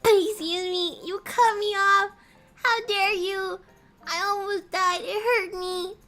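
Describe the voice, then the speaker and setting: A woman voicing a tiny, teary version of herself who scolds a driver in a whiny, drawn-out way. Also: very high voice, fairly even intonation, bright, forceful tone, soft background music, pitched above the performer's own voice, heavily acted.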